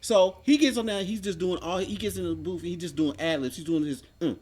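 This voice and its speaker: A man's voice: high voice, brisk, a little mellow. A man in casual chat, telling a story with animation and acting out the quotes, recorded in a media studio.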